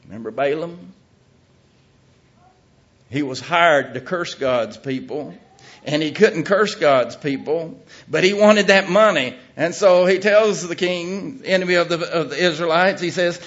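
Male preacher, middle-aged, folksy and emphatic, slightly high voice, muffled lo-fi sound. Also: expressive, unhurried, long pauses. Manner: folksy, emphatic, rising to loud peaks. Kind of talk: sermon. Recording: muffled lo-fi recording.

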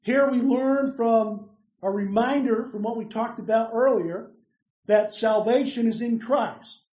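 A man's voice: very high voice, unhurried, a little mellow. A man preaching a sermon, emphatic, putting questions to his listeners and answering them himself. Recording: roomy, distant, dull lo-fi sound.

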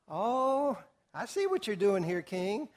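A man's voice: sits high, sing-song, slow pace, exaggerated voice. A man voicing a boastful, self-important royal adviser in a Bible retelling, eager and pushy. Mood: smug.

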